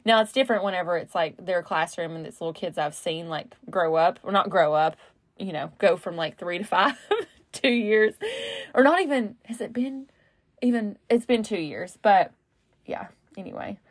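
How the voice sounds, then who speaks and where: A woman's voice: fairly low pitch, normal speed, dry recording. Rambling woman podcaster, dry sound. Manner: rambling, filler-heavy, self-correcting. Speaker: podcast host. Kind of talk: casual solo podcast monologue.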